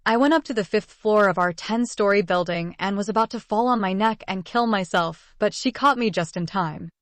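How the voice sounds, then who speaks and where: A woman's voice: medium pitch, moderate pace, no room sound, close to an everyday voice. A woman reading the lines of a spoiled, tearful teenage girl in a sweet tone within a story. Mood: pouting.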